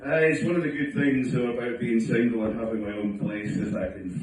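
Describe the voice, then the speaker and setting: A man's voice: steady tone, fast talker, crowd noise. Wry man doing stand-up. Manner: wry, self-mocking, acts out his wife in a higher voice. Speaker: stand-up comedian. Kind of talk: stand-up routine. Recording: distant phone recording in an echoey room. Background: audience laughter.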